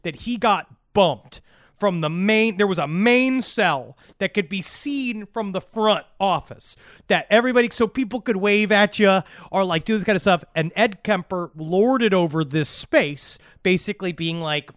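A man's voice: high voice, lively intonation, normal speed, fairly bright tone, dry recording, clean studio sound. A man co-hosting a comedic podcast, telling a story in a rambling way. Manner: rambling storytelling with quoted voices. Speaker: podcast co-host. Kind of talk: comedic true-crime podcast chat.

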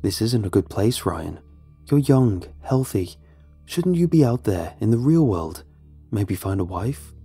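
A man doing a quiet, cold and mysterious older captor in a horror tale. He probes calmly in a low, husky voice that stays hushed. Faint music lingers behind him. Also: a little slow, heavily acted. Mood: probing.

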